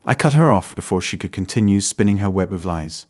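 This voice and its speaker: Low-voiced man narrating a dramatic story. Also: expressive, a little fast, few pauses. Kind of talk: scripted first-person story narration.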